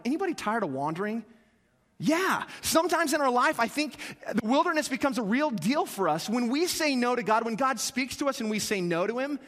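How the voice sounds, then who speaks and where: A man in his thirties preaching a sermon as pastor, animated, acting out little asides and prompting the crowd to answer. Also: high-pitched. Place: church auditorium. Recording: long reverb of a large hall.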